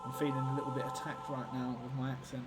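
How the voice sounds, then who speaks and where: A man's voice: mid-range voice, little pitch movement, quick pace, over loud music. A man livestreaming a game, chatting casually and joking with his chat. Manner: chatty, jokey banter with chat. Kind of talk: casual gaming stream chat.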